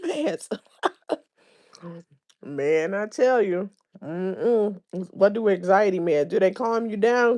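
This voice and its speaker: A woman's voice: mid-range voice, darkish tone. A woman hosting a casual livestream, chatting and reading viewers' comments aloud, laughing often. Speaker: livestream host.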